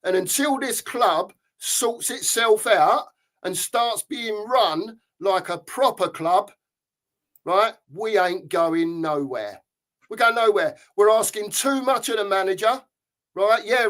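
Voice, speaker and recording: A man's voice: sits high, unhurried, fairly bright tone. A man hosting a casual football chat, ranting angrily and swearing. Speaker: podcast host.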